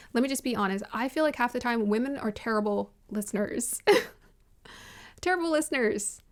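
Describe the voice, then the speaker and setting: A woman with a fairly high voice talks straight to her viewers in a casual, opinionated review. She is emphatic, circles back to repeat her points and laughs easily between them. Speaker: vlogger reviewing a reality show.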